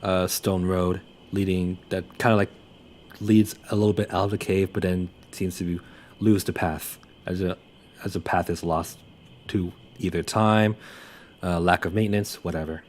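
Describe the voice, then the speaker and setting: A man's voice: low-pitched, level tone, normal speed, a little mellow, a little hiss or hum. A young man running a tabletop game as game master, narrating loosely with many fillers and restarts.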